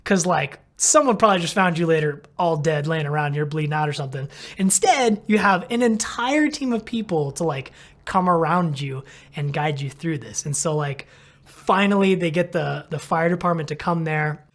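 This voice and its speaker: A man's voice: a little high, normal speed, fairly bright tone. A man, a physical therapist, casually retelling a story and filling it with "like" while acting out his own thoughts. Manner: rambling, heavy on "like", acts out his own thoughts.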